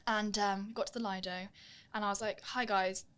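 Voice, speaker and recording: Fast-talking young woman. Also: mid-range voice, clear, resonant tone. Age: young adult. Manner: lively, acts out quoted voices while telling stories. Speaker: guest, musical theatre performer. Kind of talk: casual interview storytelling.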